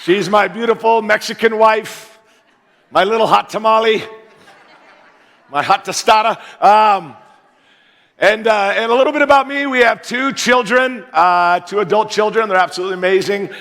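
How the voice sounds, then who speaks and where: A man from the US in his fifties preaches with a raised, gravelly voice, ribbing the crowd as he tells a story. His voice carries through a big church sanctuary with a long, ringing echo. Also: high-pitched, moderate pace. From United States. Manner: joking, animated storyteller who plays to the crowd. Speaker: guest pastor. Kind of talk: humorous sermon storytelling. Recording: reverberant church hall.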